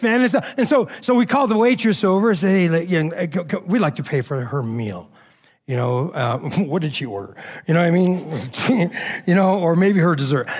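High-voiced pastor telling a story. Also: male voice, lively intonation, a little fast. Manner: casual, chatty, peppered with "man" and "all right". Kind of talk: sermon storytelling.

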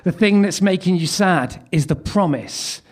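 Male stand-up, higher-pitched, dry self-deprecating delivery. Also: animated, a little slow. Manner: self-mocking, wry asides. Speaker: comedian. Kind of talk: stand-up reading his teenage love letter.

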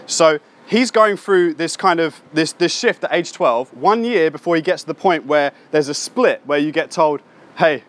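A male preacher gives a relaxed, conversational sermon. He keeps it lively by acting out the people in his stories and dropping slangy asides. His voice sits slightly high for a man. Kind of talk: casual sermon.

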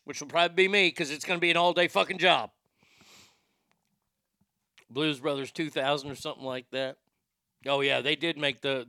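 Bright-voiced ranting male host. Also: a little high, vocal fry, clear, resonant tone, no room sound, studio quality. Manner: animated, swings from shouting to muttering. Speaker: show host. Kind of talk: profane comedic rant.

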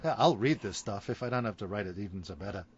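A man's voice: fairly low pitch, expressive, fast talker, highs cut off. A man with a Scouse accent from Liverpool, co-hosting a podcast and reading crude jokes aloud with frequent laughter. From Liverpool, England. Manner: laughs often, reads jokes aloud with a chuckle. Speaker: podcast co-host. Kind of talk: casual podcast banter telling jokes.

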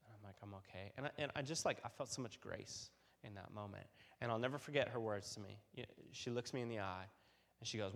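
A youth pastor with a mid-range voice preaches to a youth group, and a long reverb tail trails his words. He tells a lengthy personal story in an animated way, full of fillers and repeated restarts.

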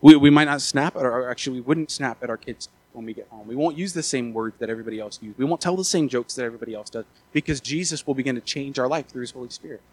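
A man preaching a sermon, often repeating and restarting his words, who rises from quiet talk to loud, urgent appeals. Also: mid-range voice, fast talker, hardly any pauses, husky. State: out of breath after the peak.

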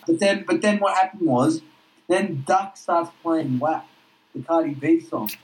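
A man's voice: a little high, unhurried, low-quality recording. A man co-hosting a comedy podcast, telling a rambling story. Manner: rambling, laid-back storyteller. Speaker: podcast co-host. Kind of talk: casual comedy chat.

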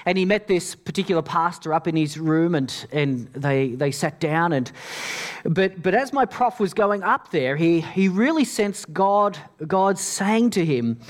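A man preaching a sermon as pastor, telling stories with many repeated words, dropping soft and low for quoted lines. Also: lively intonation, a little slow.

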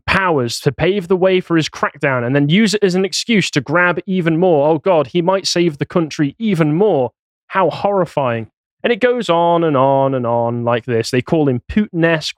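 A man's voice: medium pitch, no echo, clean studio sound. A man co-hosting a casual podcast, reading news articles aloud and mocking them with sarcastic asides. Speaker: podcast co-host.

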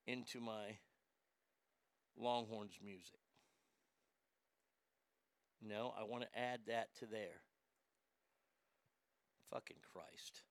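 Male sports host, profane rant, stammering repeats, sharp bright tone, dry close sound. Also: medium pitch, creaky, clear, resonant tone, no echo. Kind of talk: ranting monologue.

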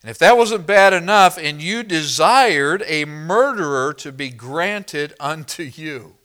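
Slow, bright-voiced man preaching emphatically. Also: fairly high pitch, lively intonation, clean tone. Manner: emphatic, reads scripture slowly and deliberately; addresses congregation directly. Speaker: pastor. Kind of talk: expository sermon.

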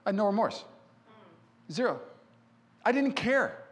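A male pastor preaching a sermon in a church, telling stories in an animated way and acting out what people said. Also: high voice, unhurried. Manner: animated storyteller who acts out quotes. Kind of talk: sermon with personal storytelling.

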